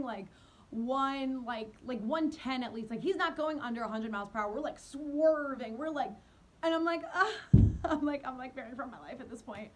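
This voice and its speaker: A young woman telling a dating horror story in a storytime vlog, animated and giggly, mocking herself. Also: sits high. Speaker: vlogger.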